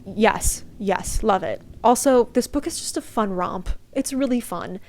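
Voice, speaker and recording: A young woman talks about books she loves in a relaxed home vlog. She is chatty, gushing and giggly, with a voice of ordinary pitch. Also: a little slow. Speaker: book vlogger. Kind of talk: casual book review.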